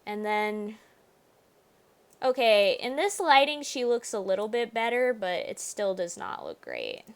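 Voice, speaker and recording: A woman hosting a gaming video, chatting through her playthrough, laughing often and bursting into loud exclamations. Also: mid-range voice, big pitch swings, a little slow, clean tone. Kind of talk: let's play commentary.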